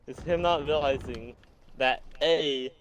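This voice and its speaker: A man's voice: mid-range voice, slow, slight background noise. A man hosting a podcast in casual chat, dropping dry, teasing quips. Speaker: podcast host.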